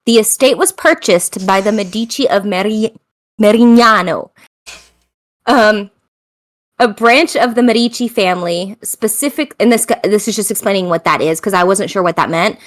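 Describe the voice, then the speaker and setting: Halting woman reading her podcast notes. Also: mid-range voice. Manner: halting, full of ums, stumbles over foreign names and apologizes. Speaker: podcast co-host. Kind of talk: casual chat, reading out research notes.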